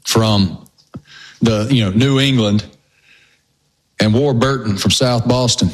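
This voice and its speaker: A man's voice: medium pitch, takes it slowly, slightly rough. A middle-aged man, co-hosting a casual podcast and heaping emphatic, enthusiastic praise. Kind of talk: casual chat.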